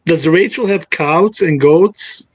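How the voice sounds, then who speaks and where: A man's voice: on the high side, slow, husky, no room sound, poor audio. A man chatting casually on a livestream, rambling and laughing a lot.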